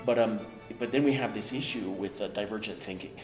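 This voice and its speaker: A man's voice: on the low side, a little fast, a little mellow. An older man, a business professor, explaining ideas in a jovial, self-deprecating conversational way, tagging sentences with "right?". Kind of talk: conversational teaching. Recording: echoey room with music behind.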